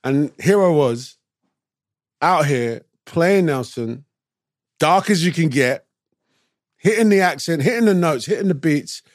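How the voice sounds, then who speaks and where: Animated male storyteller, dry close sound. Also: fairly high pitch, unhurried, long pauses, no echo. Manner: animated storyteller who acts out other people's lines. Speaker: actor, interview guest. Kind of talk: casual storytelling chat.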